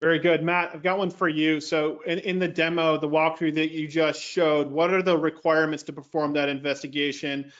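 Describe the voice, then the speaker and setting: Flat-toned male moderator on a call. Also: a little high. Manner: brisk, relays audience questions. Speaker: webinar moderator. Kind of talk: moderating questions. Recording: dull lo-fi call audio.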